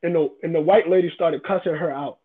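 A man's voice: on the high side, fast. A man in a casual debate, emphatic and profane, often repeating himself. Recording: tinny phone-like sound.

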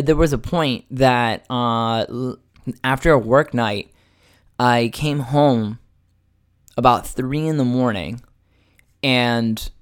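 A man rambles through a casual vlog monologue at an everyday mid pitch. He swears freely and keeps restarting, stacking filler words as he goes. He makes fun of himself as he talks. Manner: self-mocking, laughs at his own story. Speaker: vlogger.

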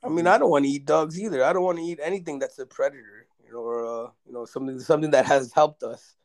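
A man in a casual podcast chat, animated and joking, acting out animals' thoughts in quick put-on voices. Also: fairly high pitch. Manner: animated, laughs, acts out pets in put-on voices.

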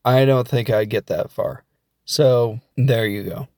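A man talking through a movie recap in a loose, rambling way, tossing in jokey asides as he goes. His voice sits at an ordinary middle pitch. It is recorded close and dry, with no room sound around it. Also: measured pace, a little mellow, no echo. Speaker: film reviewer. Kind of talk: casual spoken film recap.

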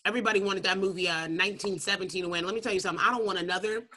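A woman, co-hosting a casual podcast chat, blunt and animated. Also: mid-range voice, very fast. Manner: blunt, animated, quotes people in voices.

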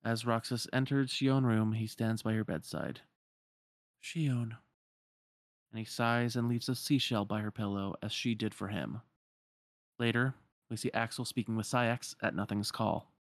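A man's voice: on the low side, moderate pace, no room sound, clean studio sound. A man narrating a video game story in plain, casual storytelling with a few fillers.

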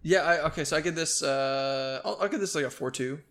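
A man's voice: a little high, a bit bright. A man co-hosting a casual podcast, joking and swearing, often stopping and restarting his sentences. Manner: joking, profane, halting with restarts. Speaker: podcast co-host. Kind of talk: casual chat.

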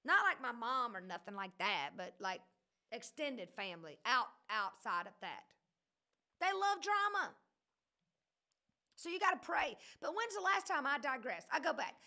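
A woman's voice: high voice, very animated, normal speed, pushed and bright. A woman leading a casual livestream Bible study, preaching in a chatty, joking way that keeps wandering off into digressions.

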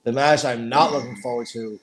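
A man's voice: mid-range voice, fairly even intonation, fairly quick. A middle-aged man in casual chat as a podcast co-host, profane and emphatic, stating strong opinions.

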